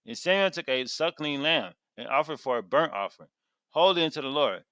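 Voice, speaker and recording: A man giving an animated Bible teaching, reading verses and retelling them emphatically in casual everyday speech. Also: medium pitch, moderate pace, clear, resonant tone, no room sound, clean studio sound.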